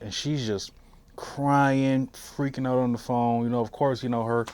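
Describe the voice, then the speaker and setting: In an interview room at a history center, a military veteran recalls his service for an oral history, talking casually with plenty of fillers and restarts. His medium-pitched voice is darkish, clear and resonant, with fairly even intonation and a measured pace.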